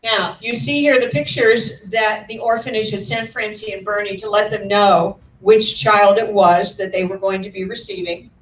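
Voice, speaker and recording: A woman's voice: medium pitch, fairly even intonation. Woman in her 60s telling a family story, echoey. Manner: measured, earnest storytelling. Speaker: guest speaker. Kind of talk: storytelling talk with slides. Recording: echoey room, mic at a distance.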